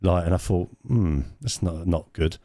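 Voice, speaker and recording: Low-voiced man telling a rambling story. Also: moderate pace, dark tone, no room sound, studio quality. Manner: rambling anecdote with frequent laughs and restarts. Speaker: podcast co-host. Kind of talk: casual storytelling chat.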